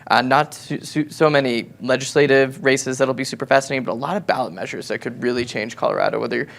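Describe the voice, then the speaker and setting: Guy talking fast on a politics panel, lots of um and you know. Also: mid-range voice, gravelly, a bit bright. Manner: hedging, lots of fillers and restarts. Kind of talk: panel discussion.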